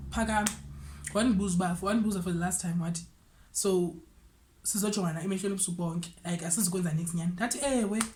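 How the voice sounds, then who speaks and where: Animated young South African woman. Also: medium pitch, a little hiss or hum. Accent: South African, Xhosa. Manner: switches between English and Xhosa, animated retelling. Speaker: vlogger telling a personal story. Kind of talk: casual storytime monologue.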